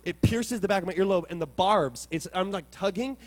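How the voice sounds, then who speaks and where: A man with a fairly high voice preaches to his congregation, telling stories with plenty of animation. He drops to quiet reflection, then surges into loud excitement. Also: fairly quick. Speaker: pastor. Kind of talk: sermon.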